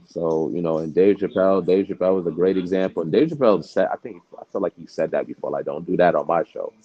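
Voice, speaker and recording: A man co-hosting a podcast in casual chat, relaxed and full of fillers, repeating himself. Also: deep voice, fast talker, husky. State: out of breath. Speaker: podcast co-host. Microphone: phone on the move. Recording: dull lo-fi sound.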